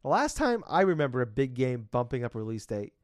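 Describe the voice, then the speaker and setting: A man's voice: medium pitch, very animated, brisk, no echo, clean studio sound. A man in his thirties hosting a casual podcast, rambling and ranting with lots of swearing. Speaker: podcast host.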